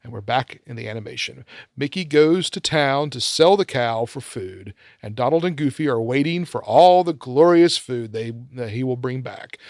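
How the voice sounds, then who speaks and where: A man hosts a laid-back film discussion, walking through the story beat by beat and slipping in dry asides. His voice sits at an ordinary middle pitch, recorded close and dry with no room sound. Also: dry recording. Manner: narrates the plot step by step with dry asides. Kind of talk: casual film discussion podcast.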